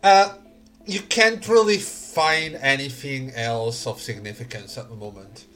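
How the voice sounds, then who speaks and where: A man narrating as game master of a tabletop game, relaxed, laughing often, with many fillers. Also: mid-range voice, unhurried. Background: faint music.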